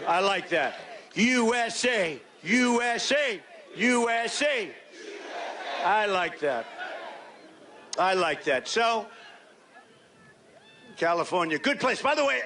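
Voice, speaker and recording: A male candidate with a voice that sits high addresses a large rally, with background noise audible. His campaign speech is boastful and rambling, built on repeated, punchy short phrases that he frequently shouts.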